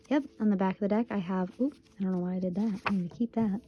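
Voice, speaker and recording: A woman's voice: medium pitch, quick pace, muffled recording. A woman in her twenties from Michigan, giving a casual, earnest tarot reading and repeating phrases for emphasis. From Michigan, USA. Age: 20s. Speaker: tarot reader.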